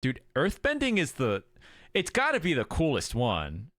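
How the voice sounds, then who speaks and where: A man's voice: medium pitch, huge pitch swings, moderate pace, a bit bright, no room sound. A young man streaming, chatting casually and reacting to a show as he watches, swearing freely and exclaiming at the screen.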